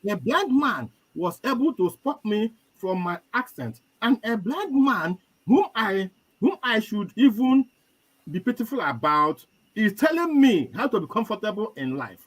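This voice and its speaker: Lively Nigerian man telling a story. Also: sits high, a little slow, rough recording. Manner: animated storyteller, quotes others. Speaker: guest. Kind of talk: storytelling in a live chat.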